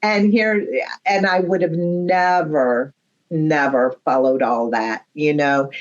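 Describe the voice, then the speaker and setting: Slow-talking woman telling stories. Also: deep voice, highs cut off. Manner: rambling, chatty, laughs often. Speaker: guest medium. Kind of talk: storytelling in a podcast conversation.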